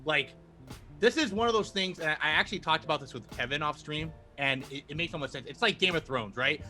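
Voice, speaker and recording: A man's voice: a little high, fairly quick, sharp tone, soft background music. A man co-hosting a podcast, chatting casually and laughing as he acts out his reactions. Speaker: podcast co-host. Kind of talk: casual chat.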